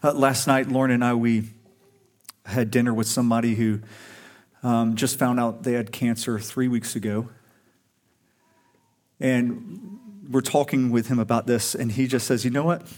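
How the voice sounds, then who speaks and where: A man's voice: medium pitch, flat delivery, a little slow, pauses often, a little mellow. A male pastor preaching a sermon to a congregation in a conversational, earnest way, pushing up for emphasis on key points.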